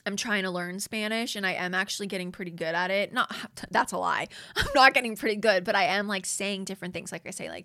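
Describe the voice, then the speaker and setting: Young LA Valley Girl woman podcast host, bright tone, casual, swears, mid pitch. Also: expressive, moderate pace. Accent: Valley Girl Los Angeles. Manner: chatty, frequent "like" and "you guys", laughs often, swears casually. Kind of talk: casual solo podcast chat.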